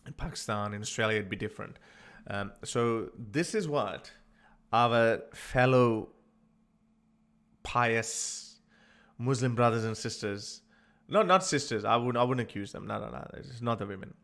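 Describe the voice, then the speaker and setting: A man's voice: mid-range voice, fairly even intonation, unhurried, creaky, fairly bright tone. A man giving comedic vlog commentary, mocking and laughing often, stammering when he gets flustered. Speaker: YouTube commentator.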